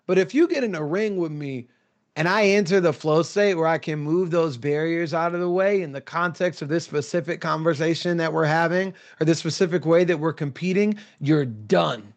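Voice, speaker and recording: Emphatic male writer, high voice, casual podcast guest. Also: moderate pace, lo-fi sound. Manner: animated, emphatic storyteller who laughs often. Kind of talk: casual chat.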